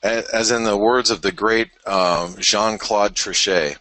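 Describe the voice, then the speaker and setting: A man's voice: low voice, moderate pace, few pauses, sharp tone, no room sound. A man hosting a live market show, casually talking through charts as he thinks aloud, with self-deprecating asides. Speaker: forex market commentator, show host.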